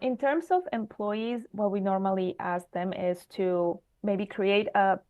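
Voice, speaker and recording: A woman, speaking as an HR expert on an interview show. She talks in an expressive way, the kind of speaker who gestures with her hands as she explains. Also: medium pitch, unhurried, phone-quality sound. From Mexico. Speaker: HR expert guest. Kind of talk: conversational interview answers.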